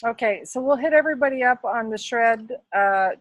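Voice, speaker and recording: A woman's voice: fairly high pitch, brisk, no echo, poor audio. Chatty middle-aged woman hosting a call. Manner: chatty, laughs often, tells stories. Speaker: team leader hosting call. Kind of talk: casual video call chat.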